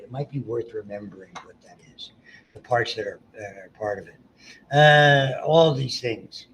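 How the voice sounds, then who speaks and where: A man's voice: mid-range voice, fairly bright tone, slight background noise, rough recording. Older man giving a rambling lecture. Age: about 70. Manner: rambling, conversational, many restarts and asides. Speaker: biology lecturer. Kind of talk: casual classroom lecture.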